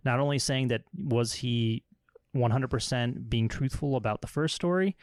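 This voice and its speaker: A man's voice: medium pitch, normal speed, no echo, clean studio sound. Guy in his 30s hosting a podcast, reads a creepy story but keeps cracking jokes. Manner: jokey, reads dramatic text with sarcastic asides. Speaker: podcast co-host. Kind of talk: casual chat and storytelling.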